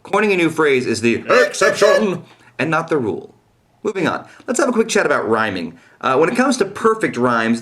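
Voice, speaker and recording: Guy doing a funny lyric writing lesson, really bouncy pitch, cracks wry jokes. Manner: wry, jokey asides between explanations. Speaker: online lyric-writing teacher. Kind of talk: comedic video lesson.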